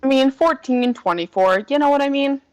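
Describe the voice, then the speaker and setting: A woman's voice: high-pitched, normal speed, no room sound, poor audio. A woman takes part in a tabletop role-playing session, speaking with keen enthusiasm and a loose habit of swearing. She has a mid-range voice, with faint music underneath. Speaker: player. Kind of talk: tabletop role-play chat.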